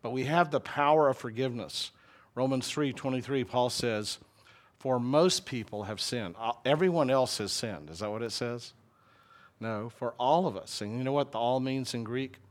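A man's voice: mid-range voice, normal speed. A middle-aged man with a Southern US accent, a pastor preaching a conversational, folksy sermon and asking the congregation questions.

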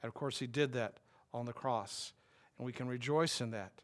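A man's voice: medium pitch, moderate pace. A man preaching a sermon as a pastor, talking in a wry, conversational way and putting questions to his listeners.

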